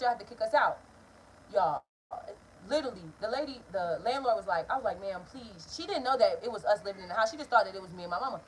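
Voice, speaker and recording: A young woman vlogger telling a story, blunt and profane in an animated casual storytime. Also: a little high, a little hiss or hum, poor audio.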